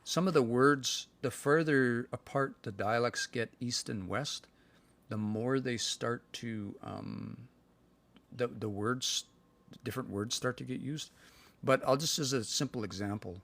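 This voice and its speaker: Male language teacher, gravelly, mid pitch, casual live-stream lesson at home, thinks aloud and sounds words out slowly. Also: a bit bright.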